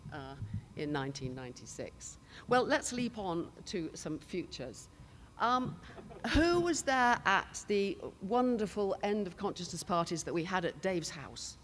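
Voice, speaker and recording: With a lowish, sing-song voice, an older British woman speaks a little slowly but with few pauses, a faint hiss or hum behind her. She's a conference panelist on stage telling chatty stories with laughs and asides into a handheld mic.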